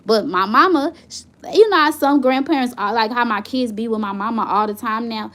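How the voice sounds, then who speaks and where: High-voiced woman venting heatedly. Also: brisk, fairly bright tone. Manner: heated, rambling, repeats herself when upset. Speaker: vlogger. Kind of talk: candid venting to camera.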